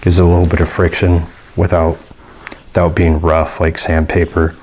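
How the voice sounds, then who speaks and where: A man's voice: low-pitched, monotone, moderate pace, darkish tone. A man giving a casual, rambling product review with many fillers and restarts. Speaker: gear reviewer.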